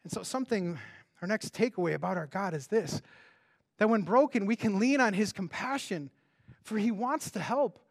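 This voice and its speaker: High-voiced pastor preaching conversationally. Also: male voice, moderate pace, vocal fry. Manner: conversational, animated, with frequent restarts and rhetorical questions. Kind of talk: sermon.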